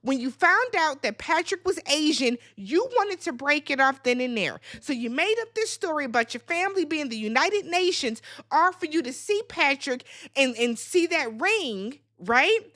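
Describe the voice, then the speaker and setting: Woman vlogger, high and animated, blunt and profane, speaks straight to the cast. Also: moderate pace. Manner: talks straight to the people on the show. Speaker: reality TV recap vlogger. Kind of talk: opinionated show recap.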